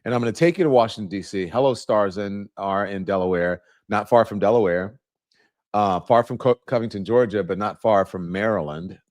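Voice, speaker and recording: A man's voice: on the low side, fairly quick, a little mellow, no room sound, studio quality. A man hosting a live commentary stream, talking in a rambling, conversational way and growing indignant about the news. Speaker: host. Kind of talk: livestream commentary.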